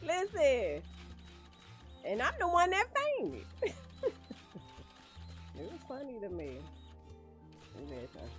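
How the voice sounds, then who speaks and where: A woman streaming a game, chatting casually with viewers and laughing often. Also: fairly high pitch. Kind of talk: casual livestream chat while gaming.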